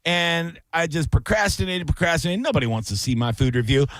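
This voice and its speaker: A man co-hosting a casual radio aftershow, telling animated stories and acting out quotes. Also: fairly high pitch, brisk, no echo, studio quality. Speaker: radio show co-host. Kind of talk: casual radio chat, storytelling.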